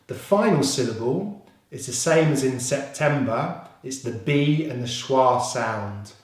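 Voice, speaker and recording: A man with a British accent teaching English pronunciation, slowly repeating each sound and encouraging his learners. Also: mid-range voice. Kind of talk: pronunciation lesson. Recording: very echoey room.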